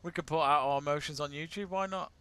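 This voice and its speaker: Bright-voiced English man hosting a stream. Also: a little high, quick pace, clean tone, no room sound. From England. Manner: chatty, greets viewers and reads out their messages. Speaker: watch-along stream host. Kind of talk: live sports watch-along commentary.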